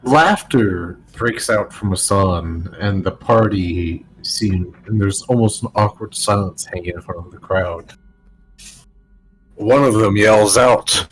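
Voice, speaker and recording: A man narrating as dungeon master in a tabletop game, slow and dramatic. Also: lowish voice, soft background music, rough recording.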